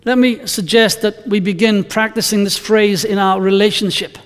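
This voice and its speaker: A man's voice: high voice, steady tone, normal speed, clean tone, in a large hall. A male pastor preaching a conversational sermon, telling stories and reading scripture with emphasis.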